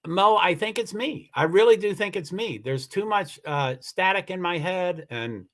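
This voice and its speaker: A man's voice: high voice, expressive, moderate pace. Upset, rambling man hosting a livestream. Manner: rambling, upset, self-interrupting with restarts. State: emotional, near tears. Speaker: livestream host. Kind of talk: casual livestream chat reading comments. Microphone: computer mic for a live stream.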